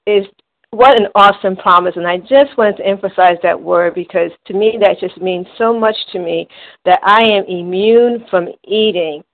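A woman from New Jersey giving an emphatic share at a recovery meeting. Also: medium pitch. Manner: emphatic, warmly stressing words. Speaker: meeting member sharing. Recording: phone-line audio.

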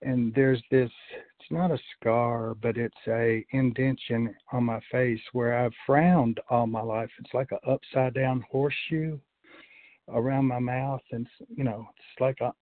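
Man, flat halting recovery share, tinny phone-like line. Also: medium pitch, no room sound. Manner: halting, many fillers and restarts. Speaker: meeting member sharing. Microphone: video call. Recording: tinny phone-like call audio.

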